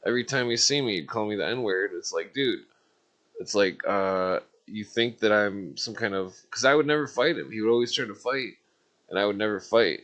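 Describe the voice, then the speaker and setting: A caller on a live stream talks at a normal speed in a fairly low, fairly bright voice. His casual chat is full of rambling stories, constant swearing, and filler words wherever there's a gap.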